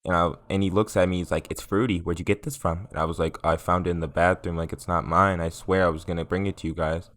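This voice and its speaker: A man's voice: low voice, steady tone, fast, hardly any pauses, a bit bright, dry recording. A young man telling a story in a casual, rambling way, swearing and filling it with "like" and "um". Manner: rambling, profane, filler-heavy. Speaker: vlogger.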